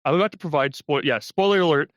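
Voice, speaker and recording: A man's voice: a little high, quick pace, a bit bright, no room sound, clean studio sound. A man co-hosting a podcast, chatting casually and joking often. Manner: joking, frequent laughter. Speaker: podcast co-host. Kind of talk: casual film discussion.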